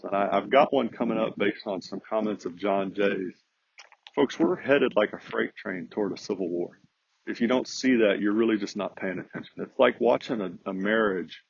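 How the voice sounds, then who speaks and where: A man's voice: on the low side, creaky, slightly rough, no echo. A man hosting a podcast, speaking in an earnest, preachy, emphatic monologue. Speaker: podcast host. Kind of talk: casual monologue. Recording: dull, lo-fi.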